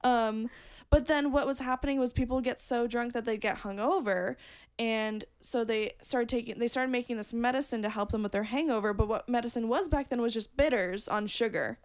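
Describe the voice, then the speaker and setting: Woman, podcast co-host, casual rambling storyteller, higher pitch, smooth clear voice. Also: brisk. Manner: rambling, animated storytelling with fillers. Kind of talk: casual chat.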